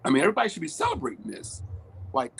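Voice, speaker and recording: A man from Washington, D.C. on a discussion panel, animated and frustrated, laughing as he talks. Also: a little high, racing, vocal fry, slightly rough.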